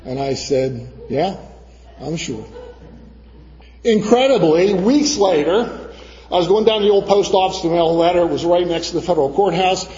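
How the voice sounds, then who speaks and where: Storytelling preacher, a man with a high-pitched voice. Dull recording in a reverberant church. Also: expressive, normal speed, dark tone, a little hiss or hum. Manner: storytelling, acting out the voices of others. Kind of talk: sermon with a personal story.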